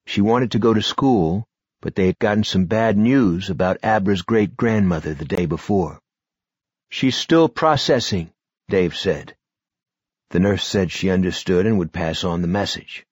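A man giving a measured, expressive audiobook narration. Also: low voice, husky, no echo.

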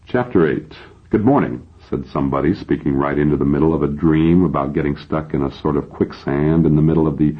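A man reading a novel aloud in first person, in an even, measured way, on a dull lo-fi recording. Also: rumbling low, husky. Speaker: audiobook narrator. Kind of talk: first-person scripted narration.

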